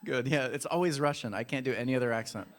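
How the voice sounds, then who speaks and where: A pastor with a medium-pitched voice speaks at a quick pace in a church hall. His sermon is casual and playful, full of audience games, and he chats directly with the congregation.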